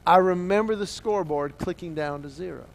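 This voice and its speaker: A middle-aged man preaching and telling a personal story, swinging from hushed to loud as he acts out the dialogue. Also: high voice, brisk, creaky, a little hiss or hum. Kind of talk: sermon storytelling.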